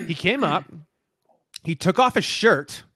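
A man hosting a podcast, telling animated, profanity-laced stories in casual chat. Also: high voice, slow, breathy edge, no echo, clean studio sound. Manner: profane, animated storytelling with frequent fillers. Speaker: podcast host.

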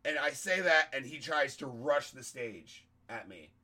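A hoarse-voiced man, a comedian, telling a story in casual, profane podcast chat. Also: medium pitch, expressive, measured pace, pushed and bright.

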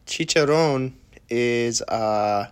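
A young man hosting a podcast in a relaxed, chatty way. He tells a rambling story and slips into quoted voices of himself along the way. His voice sits at an ordinary middle pitch. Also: extremely slow, clear, resonant tone. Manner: animated storyteller, acts out his own quotes. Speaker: podcast host. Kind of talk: casual chat.

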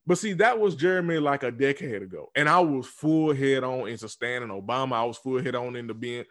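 A man in his twenties speaking in a casual political rant, blunt and profane, dropping to low mutters and jumping to loud laughing outbursts. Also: animated, a little fast. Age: 20s. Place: southern United States.

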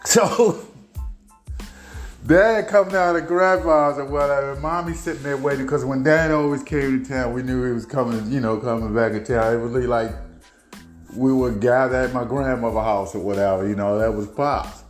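A man hosting his own show, telling family stories in a rambling, animated way with frequent laughs. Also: mid-range voice, moderate pace, reverberant, faint music behind. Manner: rambling, animated, laughs often, repeats himself. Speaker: podcast host and author. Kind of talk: casual personal storytelling.

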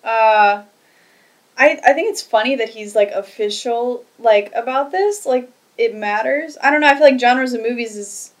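A woman co-hosting a film podcast in casual chat, giggly and hesitant, with many ums. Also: a little high. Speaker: podcast co-host.

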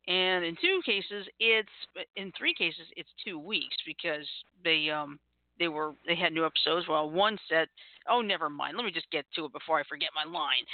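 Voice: mid-range voice, no echo. A host of an uncensored internet radio show, chatting casually and playfully and laughing often. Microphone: phone line. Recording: tinny phone-line audio.

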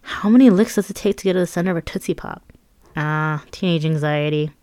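Woman reading her own memoir, wry and chatty, lowish voice, super dry studio sound. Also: a little fast, darkish tone, dry recording. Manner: candid, wry, conversational storytelling. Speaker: memoir narrator. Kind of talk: audiobook memoir narration.

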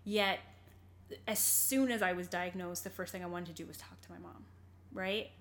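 A woman's voice: on the low side, fairly even intonation, moderate pace, a bit bright. Earnest young woman telling her story. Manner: earnest, rambling, with many fillers and restarts. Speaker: interview guest. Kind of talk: candid personal storytelling in conversation.

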